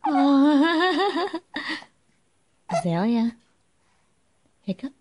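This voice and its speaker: A woman's voice: on the high side, lively intonation, extremely slow, long pauses. A woman filming her children at home on a handheld camera, speaking in cooing, sing-song baby talk. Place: at home, indoors.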